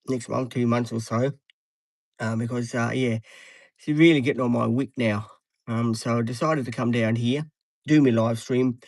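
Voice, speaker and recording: Man, 30s, rambling casual streamer, dry close sound, middle pitch. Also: dry recording, low-quality recording. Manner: rambling, repetitive, frequent ums and restarts. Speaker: live streamer. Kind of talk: casual live stream chat. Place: inside a parked van, dim light.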